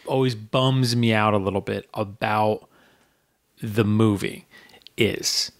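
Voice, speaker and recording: A man co-hosting a film podcast, giving his opinions in a deliberate, conversational way. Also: lowish voice, fairly even intonation. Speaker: podcast co-host. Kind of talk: casual film discussion.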